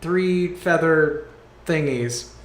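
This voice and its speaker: A man's voice: a little high, very slow, reverberant. A man running a tabletop game as game master, joking and self-deprecating.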